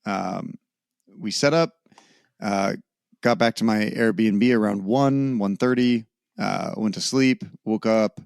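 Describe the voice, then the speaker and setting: A man's voice: on the low side, slow pace, creaky, clean tone, dry recording, studio quality. A man co-hosting a gaming podcast, chatting loosely in a rambling way and swearing now and then. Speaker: podcast co-host. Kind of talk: casual chat.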